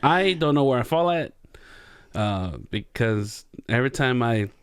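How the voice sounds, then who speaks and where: A man from California talks casually, stopping often to hunt for the right word. His voice sits at a middle pitch and sounds close and dry, with no room around it. He fills the gaps with ums and uhs. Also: lively intonation, unhurried, smooth, dry recording. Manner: hesitant, searching for words with many fillers. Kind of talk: casual chat.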